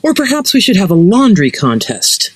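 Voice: mid-range voice, huge pitch swings, normal speed, no echo, voice pushed up. A narrator voicing a giant green troll princess, a woman who is mocking and fierce, in a dry, close audio story. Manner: mocking, demanding.

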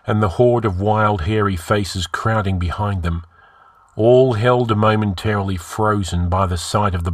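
A man reading a heroic fantasy story aloud in a measured, dramatic style. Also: lowish voice, dry recording, studio quality. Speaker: story narrator.

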